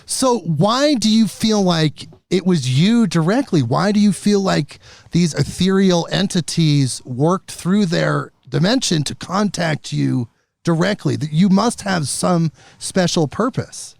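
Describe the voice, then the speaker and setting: A man hosting a podcast asks probing, curious questions in a high voice with a gravelly edge. His voice is recorded close and dry, with no room sound. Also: expressive, slow, dry recording. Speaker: podcast host. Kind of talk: interview questions.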